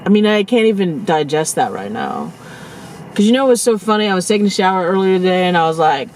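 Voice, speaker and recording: Woman, vlogger, in shock, profane, animated retelling, phone camera outdoors, faint background noise. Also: on the low side, a little slow, pauses often, low-quality recording. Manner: profane, animated, rants and acts out quotes. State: shaken, in shock. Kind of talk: casual storytelling vlog. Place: outdoors near a parking lot by the beach.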